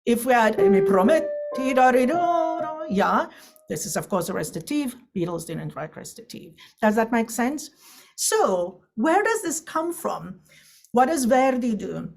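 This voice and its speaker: A woman teaching an online opera lesson, explaining with quick asides and breaking into sung and recited Italian examples. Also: on the high side, sing-song, gravelly, soft background music.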